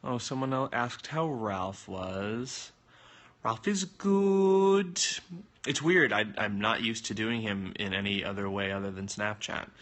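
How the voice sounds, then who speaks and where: A young man chatting casually on a phone livestream, answering viewer comments with jokes and sudden jumps in pitch. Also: moderate pace, hardly any pauses, sharp tone.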